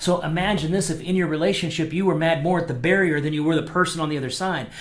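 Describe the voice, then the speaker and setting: Animated pastor teaching in an echoey room. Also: male voice, a little high, fast. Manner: animated, acts out quotes, conversational fillers. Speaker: pastor teaching a small group. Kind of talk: casual online Bible lesson. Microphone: microphone, streamed to viewers.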